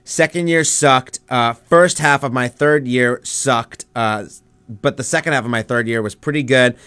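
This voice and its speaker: A man's voice: medium pitch, unhurried, clean tone, no room sound. Young male vlogger, eager and rambling, filler-heavy, mid voice. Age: young adult. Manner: excited and rambling, many fillers. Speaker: student vlogger. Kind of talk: casual live chat while watching wrestling.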